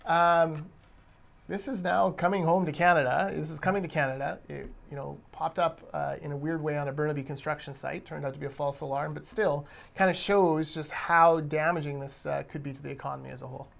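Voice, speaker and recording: Male podcast co-host with a gravelly, creaky voice; conversational, pointed. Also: a little high, fairly even intonation, brisk, fairly bright tone. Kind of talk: casual discussion podcast.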